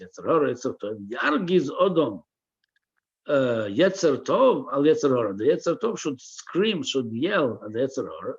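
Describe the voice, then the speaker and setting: A man's voice: mid-range voice, breathy edge, muffled recording. A man teaching a religious text class, reading each phrase aloud and translating it line by line, often repeating words while he searches for the right translation. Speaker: Torah teacher.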